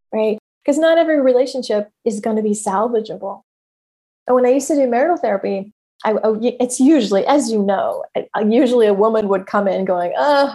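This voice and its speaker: A woman's voice: on the high side, dark tone. A middle-aged woman and former therapist who hosts a show, talking candidly to listeners, emphatic, swearing freely and repeating words as she goes. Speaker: podcast host and former therapist. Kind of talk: candid casual monologue.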